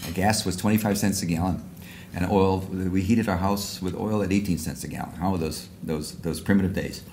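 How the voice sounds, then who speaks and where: Deep-voiced older man telling a rambling story. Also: fairly even intonation, brisk, a little mellow, a little hiss or hum. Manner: rambling storyteller with many restarts and asides. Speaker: award speaker. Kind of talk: anecdotal speech at a luncheon. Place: luncheon hall.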